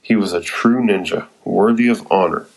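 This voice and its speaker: Calm, respectful teenage boy ninja from a cartoon, solemn and measured, as a man reads his lines. He speaks slowly and with reverence. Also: on the low side, vocal fry, low-quality recording.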